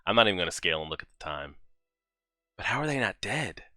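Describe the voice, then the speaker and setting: Excitable man reacting to anime, bright-toned. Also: low voice, quick pace, dry recording, studio quality. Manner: excitable, swears, talks back at the screen. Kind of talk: casual reaction commentary.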